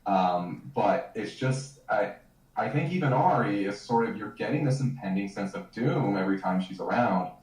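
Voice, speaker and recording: A man's voice: on the low side, animated, moderate pace, darkish tone, echoey room, recorded from a distance, poor audio. A man talking in a casual podcast chat with sardonic, articulate wit.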